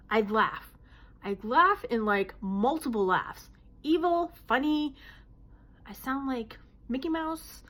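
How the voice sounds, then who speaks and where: A woman in her late thirties chatting casually as she answers viewer questions, her talk broken by sudden hoots, outbursts and throat clearing. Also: fairly high pitch, fairly bright tone. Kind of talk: casual Q&A vlog.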